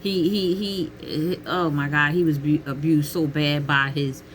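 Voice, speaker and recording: A middle-aged woman talking casually to camera with emphatic, expressive delivery, calling listeners honey and child and calling out to God. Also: deep voice, unhurried, a little hiss or hum. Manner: peppers talk with exclamations to God. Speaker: vlogger giving relationship advice.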